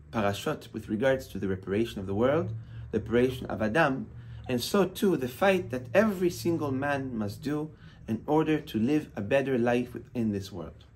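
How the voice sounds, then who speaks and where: A man's voice: medium pitch, slightly rough. A man giving a sermon as a rabbi, impassioned and emphatic, weaving Hebrew terms into his teaching.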